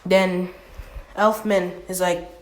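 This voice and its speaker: A woman's voice: lowish voice, level tone, slow. A woman casually retelling a fan-made anime story, rambling with fillers and self-corrections.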